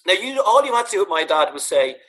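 Man, Dublin accent, animated storyteller, husky, fairly high pitch. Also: fast talker, poor audio. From Ireland. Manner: animated, laughing, swearing. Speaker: podcast guest, author. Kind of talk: casual storytelling.

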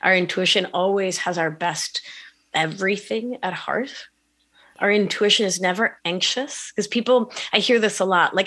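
A woman guest on a podcast, talking in an animated way about mindfulness and often asking "right?". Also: medium pitch, normal speed. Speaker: podcast guest, wellness coach. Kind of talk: conversational interview.

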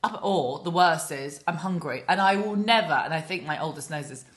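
Mum podcast host, low voice, animated and sweary. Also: female voice, normal speed. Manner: animated storyteller, swears, acts out quotes. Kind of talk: casual chat.

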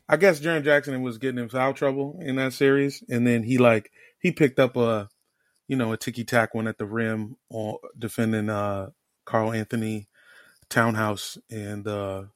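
A man co-hosting a casual podcast chat, animated and excitable, swearing casually. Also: mid-range voice, dry recording, clean studio sound. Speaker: podcast co-host.

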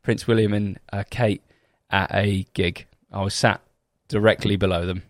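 A young British man co-hosts a podcast, telling funny stories in casual chat, swearing freely and laughing at his own tales. His voice is on the low side with little pitch movement and a moderate pace, captured in studio quality with no echo.

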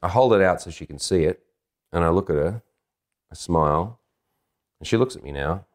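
Deep-voiced man telling a self-deprecating story. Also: normal speed. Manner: animated, self-deprecating, acts out dialogue. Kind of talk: anecdotal storytelling.

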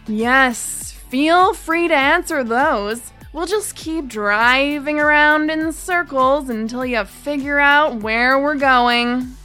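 A sarcastic, impatient male taxi driver, as a woman reads him in a storybook voice, slow and dry, rising high despite the role. Soft music hums behind.

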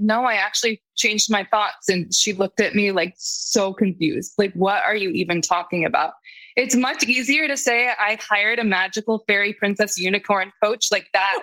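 A woman guest on a panel podcast, telling a short story in a lively way. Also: medium pitch, dry recording, low-quality recording. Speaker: panel guest, coaching client. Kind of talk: casual panel podcast chat.

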